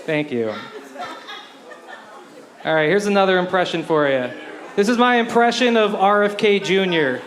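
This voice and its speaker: A man doing a stand-up comedy set on a club stage, telling deadpan one-liners and self-deprecating jokes into a handheld mic. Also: high-pitched, moderate pace, long pauses, a faint crowd.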